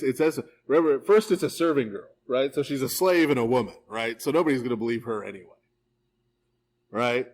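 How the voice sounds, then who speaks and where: A man, a priest, leading a live verse-by-verse Bible study in a church, reading scripture and retelling it in a casual, lively way with frequent "right?" asides. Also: medium pitch, poor audio. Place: church hall, recorded live.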